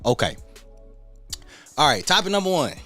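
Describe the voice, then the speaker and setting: A man's voice: on the high side, big pitch swings, normal speed, sharp tone, soft background music. A man hosting a casual livestream, greeting viewers by name in laid-back slangy talk. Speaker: livestream host.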